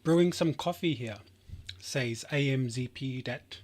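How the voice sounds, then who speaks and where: A man's voice: medium pitch, unhurried, darkish tone. A man hosting a live stream, chatting casually in a rambling way that keeps breaking off and restarting. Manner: rambling, self-interrupting.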